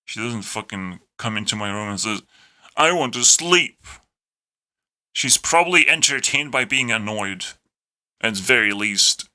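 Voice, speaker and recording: A man's voice: lowish voice, pushed and bright. A young man from Lithuania with a Lithuanian accent, ranting to camera in a profane, sarcastic, self-deprecating way. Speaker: YouTuber. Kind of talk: rambling rant to camera.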